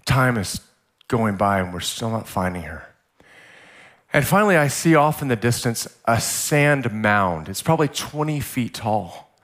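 A man preaching a sermon as a guest pastor, telling a story in a vivid, animated way. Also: mid-range voice, unhurried. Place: church service.

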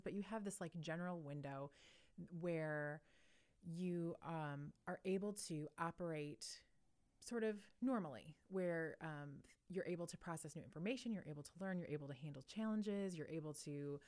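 A woman's voice: low-pitched, a little mellow. A woman co-hosting a podcast in casual conversation, chatty and self-deprecating, with plenty of fillers. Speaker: podcast co-host.

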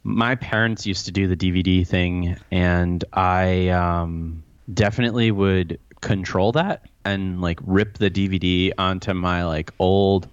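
A man co-hosting a podcast in casual chat, relaxed with dry asides and easy laughs. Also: sits low, unhurried, clean tone, no room sound, dull audio. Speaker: podcast co-host.

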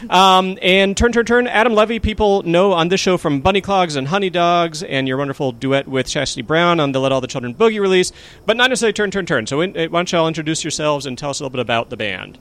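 A man's voice: on the high side, quick pace, a bit bright. A man hosting a radio show, chatting in an upbeat, joking way from an outdoor deck. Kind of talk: casual radio chat.

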